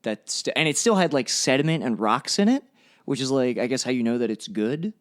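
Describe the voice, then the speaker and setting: A young man co-hosting a podcast, telling a long story in loose, casual chat. His pitch sits in an ordinary middle range. He rambles through it, full of "like" and bursts of laughter. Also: expressive, fairly quick. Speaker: podcast co-host.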